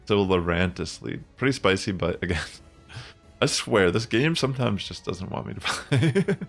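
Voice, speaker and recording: A young man talks through his game matches in a casual, thinking-aloud way. His voice sits low with a gravelly fry. Faint music plays underneath. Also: normal speed. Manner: relaxed, chatty, thinks aloud with fillers. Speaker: gaming content creator. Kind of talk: casual gameplay commentary.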